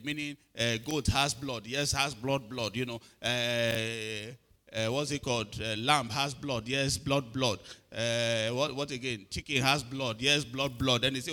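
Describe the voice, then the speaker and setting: A man's voice: medium pitch, expressive, normal speed, bright, forceful tone. A middle-aged man preaching a sermon, often asking if listeners are following and repeating his words. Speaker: pastor.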